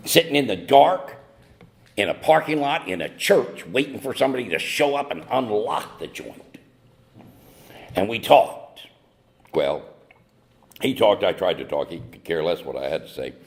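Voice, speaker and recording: A man's voice: fairly low pitch, big pitch swings, normal speed, vocal fry, pauses often. A man from North Carolina sharing a humorous personal story at a recovery meeting with wry, mock-indignant timing. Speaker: speaker at AA meeting.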